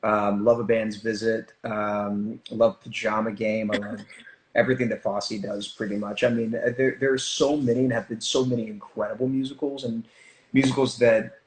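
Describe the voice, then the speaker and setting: A man chatting as an interview guest, telling stories in an animated way with quick asides. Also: fairly low pitch. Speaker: guest, stage performer. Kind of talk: casual interview chat. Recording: echoey room.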